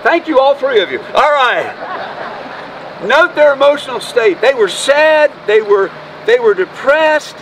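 A man's voice: extremely high pitch, big pitch swings, unhurried, a bit bright. A man preaching an Easter sermon outdoors as pastor, folksy and emotional, joking with his congregation. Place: outdoors by a road. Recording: distant mic, faint noise.

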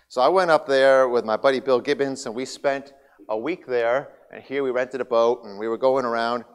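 Casting: male guest speaker, animated storyteller, mid-pitched voice, long echo of a big hall. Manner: lively storyteller, grows loud and excited in anecdotes. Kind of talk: church seminar talk.

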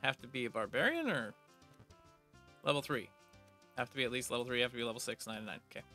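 With faint music in the background, a man comments on his gameplay in a medium-pitched voice that's expressive, fast, bright and forceful. The gaming video creator reads the text aloud, keeping his let's play casual and playful with jokey asides.

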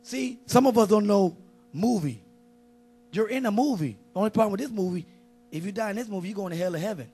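Male preacher with a high pitch and a loose, animated style that keeps cracking jokes while he preaches. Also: quick pace, husky, soft background music. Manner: animated, joking, conversational street-style preaching. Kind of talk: lively sermon.

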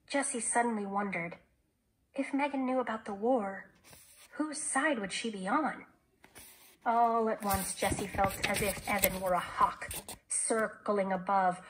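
A woman teacher reading a children's novel aloud in an expressive storytelling manner. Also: mid-range voice, a little hiss or hum, rough recording.

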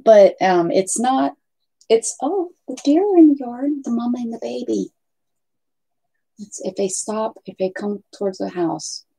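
A woman's voice: fairly high pitch, expressive, a little slow, vocal fry, dark tone, slightly rough. A woman hosting a casual craft livestream from home, chatting and rambling to viewers and her pets. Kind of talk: casual live chat with viewers.

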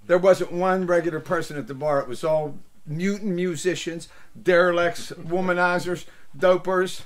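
An older man with a fairly high voice, hosting his own show and spinning rambling, salty barroom tales. He loses his place mid-story and laughs at his own jokes. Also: fairly even intonation, moderate pace. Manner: salty, rambling anecdotes that lose the thread. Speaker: show host and musician.

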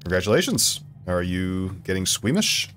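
A man reading out a stern, condescending intelligence agency chief from a video game, in a lower and quieter voice. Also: big pitch swings, normal speed, soft background music.

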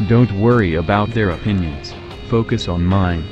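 A man voicing the Lord as a solemn, tender divine figure who speaks in slow, grave pronouncements. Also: sits low, dull audio, over music, close to an everyday voice.

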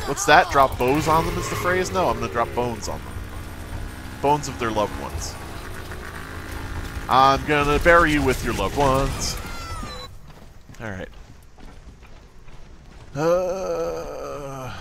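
Playful, lively-voiced gamer man. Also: medium pitch, takes it slowly, pauses often, background noise. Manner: playful, swears, giggles, hums nonsense to himself. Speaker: game streamer. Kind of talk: live gameplay commentary. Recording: loud game sounds behind voice. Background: video game effects and voice lines.

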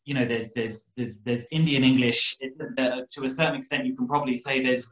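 A man's voice: medium pitch, fairly even intonation, a little fast, reverberant, dull audio. A man hosting an online interview, asking questions with hedging, word-searching phrasing. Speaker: interviewer and event host. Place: South America.

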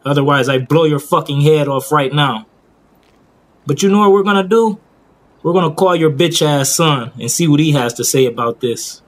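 A man's voice: fairly high pitch, normal speed, lightly acted. A man voicing a cruel male drug boss who talks in profane threats. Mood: menacing.

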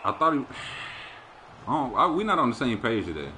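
A man's voice: mid-range voice, very animated, moderate pace, sharp tone. A man streaming a hockey video game, chatting casually and animatedly and swearing freely. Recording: video game arena crowd noise behind. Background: hockey game crowd and commentary.

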